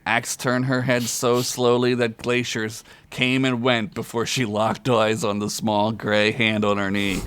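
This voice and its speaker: A man's voice: flat delivery, unhurried, few pauses, clean tone. A man reading a comedic fantasy story aloud on a podcast, chuckling often as he goes. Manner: reads aloud with frequent chuckles, loud high character voices.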